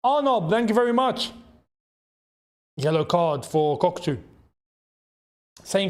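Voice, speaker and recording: A young man hosting a live football watchalong, reacting to the match, shouting at big chances, groaning at misses and thanking viewers in the chat. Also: on the high side, lively intonation, moderate pace, long pauses. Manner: chatty, reads out and thanks chat members.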